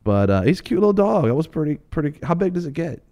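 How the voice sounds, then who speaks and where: A middle-aged man co-hosting a casual chat, telling an animated story with laughter and little voices for the people in it. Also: on the high side, fast. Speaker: co-host.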